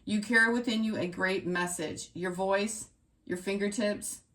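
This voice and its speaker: A woman's voice: mid-range voice, steady tone, unhurried, fairly bright tone. Woman doing a tarot reading on her channel, punchy and repetitive, kind of scolding pep talk. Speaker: tarot reader.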